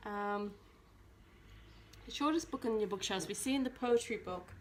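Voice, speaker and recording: A woman at home rambles cheerfully through a book vlog, stopping often to restart her sentences. Her voice sits at an ordinary middle pitch, with a faint hum in the room behind her. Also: moderate pace. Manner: chatty, rambling, with many ums and restarts. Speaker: book vlogger. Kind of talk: casual chat.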